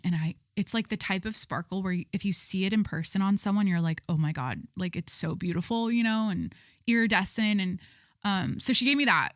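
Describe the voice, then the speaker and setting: A woman's voice: medium pitch, a bit bright, no room sound, clean studio sound. A young woman hosting her own podcast, telling stories in a rambling, chatty way full of fillers. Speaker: podcast host. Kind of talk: casual chat.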